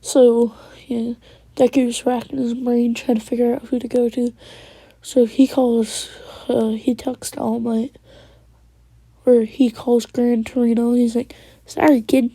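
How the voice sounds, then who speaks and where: Soft-voiced woman rambling through a story. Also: fairly high pitch, level tone, measured pace, breathy edge, dry recording. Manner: rambling, quoting characters with "he's like"; often drops into a whisper. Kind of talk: casual fan story retelling.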